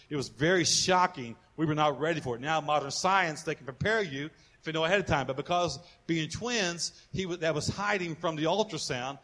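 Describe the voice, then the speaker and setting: A man preaching a sermon as pastor. He is animated, repeats words as he builds a point, calls on the congregation to answer, and goes hushed for personal stories. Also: on the high side.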